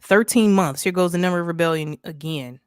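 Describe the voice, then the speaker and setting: A woman's voice: on the low side, brisk, clear, resonant tone, no room sound, studio quality. A woman co-hosting a casual ranting commentary over a video call, talking emphatically and asking "right?" again and again. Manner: emphatic, repeats points with rhetorical "right?". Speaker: podcast co-host.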